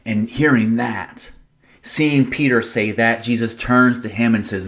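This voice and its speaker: A man's voice: mid-range voice, steady tone, measured pace, fairly bright tone. A man preaching a sermon as pastor, in a casual, conversational way, retelling the story with playful drama and rhetorical questions.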